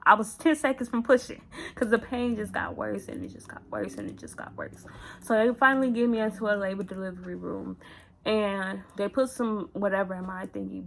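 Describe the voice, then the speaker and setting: Young woman vlogging, gravelly fry in her voice, candid and slangy, goes hushed and whispery. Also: medium pitch, poor audio. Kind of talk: personal storytime vlog.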